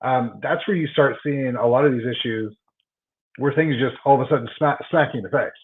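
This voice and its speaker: A man's voice: mid-range voice, brisk. Man on a tinny phone-like line. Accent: Texan. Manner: storytelling, many repeated word starts. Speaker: chiropractor guest. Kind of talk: casual podcast conversation.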